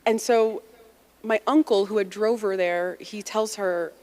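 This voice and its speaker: Lively American woman telling a story. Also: medium pitch, a little slow. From United States. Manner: lively, conversational, acts out quotes, laughs while telling. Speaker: speaker telling a personal story to an audience. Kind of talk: personal storytelling talk.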